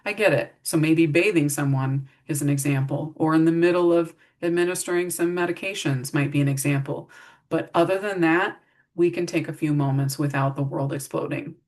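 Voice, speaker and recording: A woman's voice: sits low, normal speed, darkish tone. A middle-aged woman giving a casual training talk to care staff, walking through practical strategies and acting out example phrases. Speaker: behavior support trainer. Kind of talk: recorded staff training presentation.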